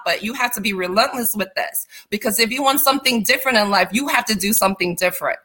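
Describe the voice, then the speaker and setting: A woman speaks in an earnest, encouraging way, circling back on her points with repeated restarts. Her voice sits a little high and sounds bright and forward. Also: fast talker, hardly any pauses. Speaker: guest. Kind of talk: motivational casual chat.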